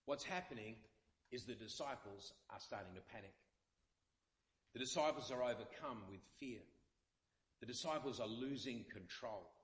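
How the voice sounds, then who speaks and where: A man's voice: medium pitch, moderate pace, pauses often, a bit bright, reverberant. A male pastor, possibly, delivering an earnest sermon with many repeated phrases. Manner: earnest, repetitive preaching with dramatic quotes.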